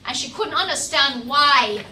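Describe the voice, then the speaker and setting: A Jamaican woman with a high voice leads a classroom discussion, telling stories in an animated way. She is picked up from across an echoey room, with steady background noise. The sound is distant from the mic. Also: measured pace. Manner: animated storyteller, lively when retelling scenes. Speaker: lecturer leading a class discussion.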